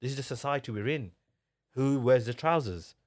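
A young man in a casual podcast chat, telling stories with lively energy, acting out what others said, often restarting his sentences. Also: mid-range voice, normal speed, no echo, studio quality. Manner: animated storyteller, acts out what others said.

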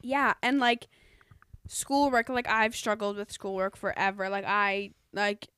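A woman's voice: mid-range voice, little pitch movement, a little slow, bright, forceful tone, smooth, no echo. A young woman in casual chat, talking earnestly and rambling with lots of "like"s.

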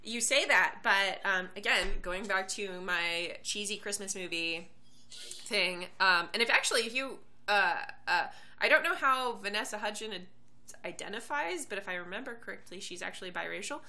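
Bright-voiced chatty woman podcaster. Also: mid-range voice, lively intonation, moderate pace. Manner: chatty, swears casually, many "like" fillers. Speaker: podcast co-host. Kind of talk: casual chat.

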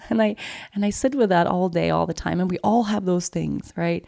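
A woman podcast host telling a personal story in a soft, confessional way, often dropping to a whisper and repeating phrases. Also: fairly low pitch, steady tone, moderate pace, creaky, dry recording, studio quality. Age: adult with a daughter.

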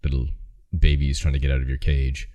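A Canadian man co-hosting a podcast in casual chat, with a dry, deadpan, sardonic delivery and a Canadian accent. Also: extremely low pitch, brisk. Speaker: podcast co-host.

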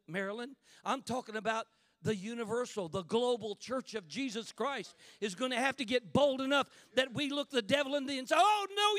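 High-voiced fervent male preacher. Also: no room sound, studio quality. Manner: fervent, builds to shouts, calls "Hello?" to the congregation. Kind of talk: sermon. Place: church.

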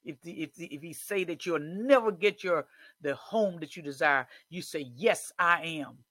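A man preaching a sermon, building from quiet reflection to shouted declarations. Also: on the high side, moderate pace, slightly rough, dry recording.

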